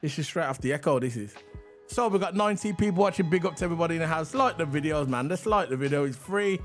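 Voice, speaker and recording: A man's voice: a little high, animated, quick pace, soft background music. A man co-hosting a casual livestream, chatty and rambling, hyping the chat and reading transfer news. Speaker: livestream co-host.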